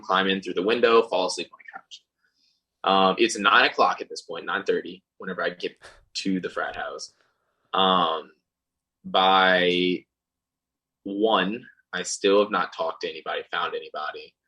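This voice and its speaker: A man's voice: low-pitched, measured pace, husky, poor audio. A young man telling a story in casual chat, acting out other people's lines. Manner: animated, acts out quoted voices. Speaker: podcast guest and singer.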